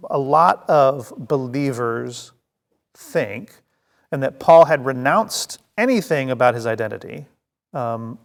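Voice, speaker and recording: A man teaching a Bible study to a congregation, telling the story lively and acting out scenes, with many fillers and restarts. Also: mid-range voice, creaky. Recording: long reverb of a hall.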